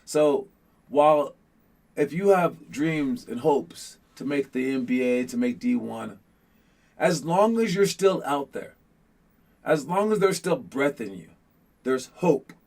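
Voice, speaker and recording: A man's voice: medium pitch, lively intonation, slow, a little mellow. A man hosting a basketball show, chatting casually to his viewers with lots of restarts and fillers. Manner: rambling, many restarts and fillers, addresses the audience as guys.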